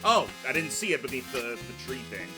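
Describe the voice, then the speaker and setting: Excitable man streaming a game. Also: medium pitch, fairly quick, music in the background. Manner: excitable, reacts loudly. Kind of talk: casual gameplay chat.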